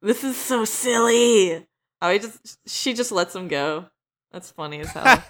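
A woman's voice: medium pitch, unhurried. A woman co-hosting a podcast in casual chat, telling things in a giggly way. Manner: giggly, lively storytelling. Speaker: podcast co-host.

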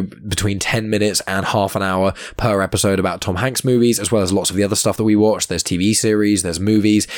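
Quick-talking male podcast host, hoarse and croaky, rambling casually through his sign-off. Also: on the low side, darkish tone, dry recording, studio quality. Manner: chatty, rambling plugs with frequent fillers.

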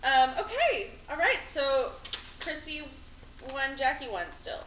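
A woman with a high, bright, sharp-edged voice, animated and giggly. She is recorded in an echoey room with a faint hiss. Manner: animated, giggly, quick to protest. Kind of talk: casual chat and poem reading.

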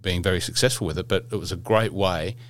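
Deep-voiced man hosting a chat. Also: quick pace. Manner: conversational, thinks aloud with "you know". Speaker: podcast host. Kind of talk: podcast interview.

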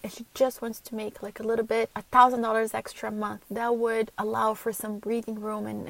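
A woman's voice: on the high side, creaky, poor audio. A young adult woman hosting a podcast, giving an earnest, heartfelt motivational talk in a chatty, casual way. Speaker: podcast host and business coach for moms.

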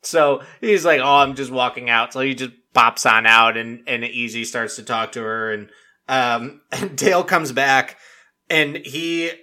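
A man rambles through a casual podcast recap, stacking filler words and swearing as he tells the story. He slips into mock quotes to act out the scenes. His voice has a hard, bright edge. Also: medium pitch, a little slow. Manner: rambling and profane, heavy use of "like". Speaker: podcast host recapping a reality dating show.

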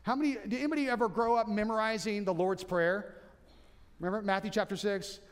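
A man's voice: sits high, brisk, clear, resonant tone. A man preaching a sermon as pastor, emphatic, repeating key points and restarting phrases.

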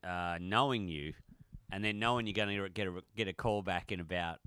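A man's voice: low-pitched, moderate pace, sharp tone, clean tone. A young Australian man co-hosting a podcast, chatting in a laid-back, agreeable way with plenty of swearing. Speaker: podcast co-host. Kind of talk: casual chat.

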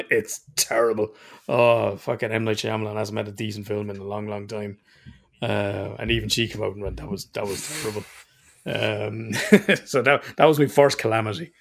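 A man's voice: on the low side, steady tone, moderate pace, creaky. An Irish man telling rambling stories in casual podcast chat and swearing freely. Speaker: podcast co-host.

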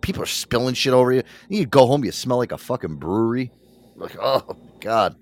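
A middle-aged podcast co-host with a medium-pitched voice speaks briskly, telling stories about a friend in casual chat. He's an animated storyteller who swears a lot and acts out his friends' voices.

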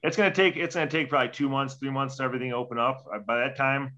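A man telling rowdy, profane stories as a guest on a casual show, acting out the other people's lines as he goes. His voice is bright and forceful, and the recording comes through dull and lo-fi. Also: mid-range voice, rapid-fire. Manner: profane, animated storytelling with acted-out quotes. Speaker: guest, former hockey player. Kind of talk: casual storytelling. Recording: dull lo-fi audio.

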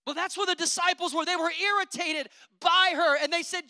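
A preacher with a high, bright voice delivers a sermon, calling out to the congregation for amens. The delivery swings from loud declarations down to low, chatty asides. The recording is dry and close. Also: fairly even intonation, brisk, hardly any pauses, dry recording. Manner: impassioned, calls out for amens.

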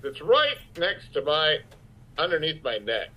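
A man telling an animated, profane story as an interview guest, acting out the lines of other people. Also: a little high, unhurried. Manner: animated, profane anecdote-telling with acted-out quotes. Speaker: actor guest. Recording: dull lo-fi sound.

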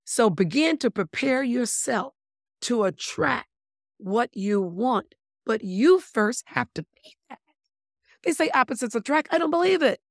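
Her voice sits on the high side and she talks a little slowly, yet this female body language expert is animated and emphatic in her casual interview. She uses playful wordplay and greets listeners as "my lovelies". The studio-quality audio has no room sound.

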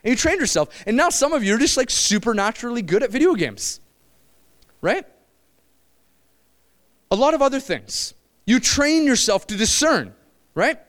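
A man preaching a sermon to his church, animated and conversational, slipping into quick quoted voices. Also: very high voice.

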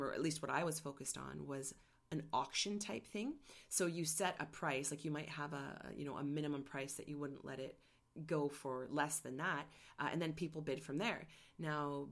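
A middle-aged woman, an artist hosting her own podcast, candidly tells a personal story and gets emotional, choking up along the way. Her voice is deep and a bit bright.

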